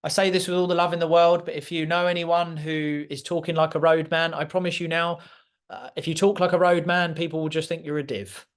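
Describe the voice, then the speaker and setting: A man's voice: a little high, little pitch movement, a little fast, smooth. A man delivering a motivational masterclass talk, emphatic and repeating key points for effect. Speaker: speaker.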